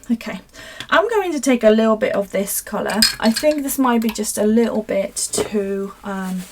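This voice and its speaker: Painting at her desk during a live craft stream, a young woman from Poland, a native Polish speaker, chats with viewers in a rambling, self-deprecating way. Her medium-pitched voice is animated and measured in pace, with a little background noise present.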